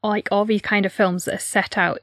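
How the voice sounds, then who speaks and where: A woman's voice: medium pitch, level tone, fairly quick, fairly bright tone, no room sound, studio quality. A woman from England co-hosting a true-crime podcast, musing casually with many filler words. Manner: reflective, lots of 'like' fillers. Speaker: podcast co-host.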